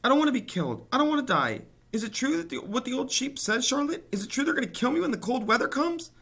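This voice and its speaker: A man voicing a frightened young male pig who sobs and pleads in a shrill voice. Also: very animated, normal speed, bright, forceful tone, exaggerated voice. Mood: panicked.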